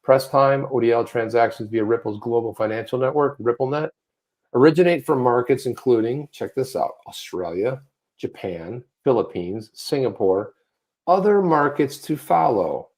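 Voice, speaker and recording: A man in mid pitch hosts an online news show. He banters in a loose, jokey way and often breaks into reading a story aloud, pausing to comment on it. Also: lively intonation, a little mellow. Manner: jokey, talks over his partner, reads stories aloud. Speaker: co-host of a crypto news show.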